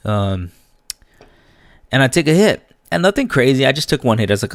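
A man's voice: on the low side, lively intonation, fairly quick, no room sound. A man casually telling a story in a laid-back, profane way, full of slang and stray Spanish words, sipping a beer as he goes. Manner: sips a beer while talking.

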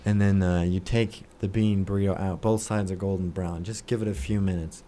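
Low-voiced joking man rambling casually. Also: steady tone, a little fast, dark tone, a little hiss or hum. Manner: rambling, joking, playfully defensive. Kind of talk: casual chat.

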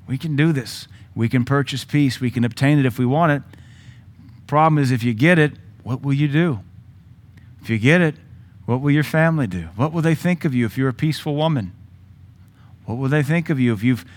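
Animated Southern preacher, fairly high voice. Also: male voice, a little fast. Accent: Southern American. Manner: animated preaching with mock voices and sudden loud commands. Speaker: pastor. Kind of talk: sermon.

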